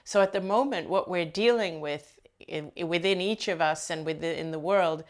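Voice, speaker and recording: A woman's voice: on the low side, moderate pace. A woman hosting her own channel, chatting casually to viewers with rambling asides and frequent laughs. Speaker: host.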